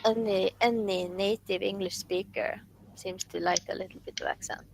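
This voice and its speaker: A young woman with a gravelly, fry-heavy voice speaks in a thoughtful, matter-of-fact way. Her pitch sits in the middle of the range, and she sounds relaxed among friends. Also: moderate pace, poor audio. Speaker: friend in a group chat. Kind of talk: casual chat.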